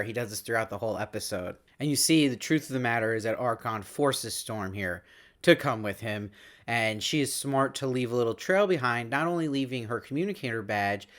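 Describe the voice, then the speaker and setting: Man, host voice, casual episode recap, eager and chatty, mid-pitched. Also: a bit bright. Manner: enthusiastic, retells lines with quick paraphrased quotes. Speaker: show host reviewing episodes.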